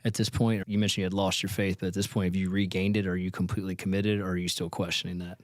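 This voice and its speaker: A male podcast host asks probing questions at a quick clip. His voice is very low, and it is heard dry, close to the mic. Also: little pitch movement, no room sound. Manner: probing, brief reactions. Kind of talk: interview questions.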